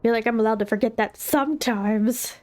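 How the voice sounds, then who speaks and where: A woman plays a video game and chats casually, joking to herself as she goes. Her voice is on the high side and a little mellow, moving at a normal speed through her gameplay commentary.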